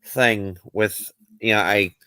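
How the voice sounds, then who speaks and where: A man's voice: fairly low pitch, steady tone, slow pace, bright, forceful tone, smooth, no room sound. A man chatting on a podcast, loosely retelling stories with fillers. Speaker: podcast co-host. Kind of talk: casual chat.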